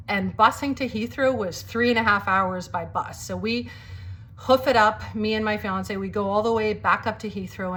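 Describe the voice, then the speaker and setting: A woman's voice: mid-range voice, fairly bright tone, a little hiss or hum. A woman with a slight cold telling a personal faith story in a casual, chatty way, full of "like" fillers and acting out quoted lines. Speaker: storyteller sharing a testimony.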